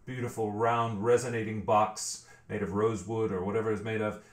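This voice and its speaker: A man's voice: lowish voice, level tone, a little fast, roomy sound. A man teaching a vocal training lesson, explaining step by step and often repeating words as he thinks. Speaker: vocal coach.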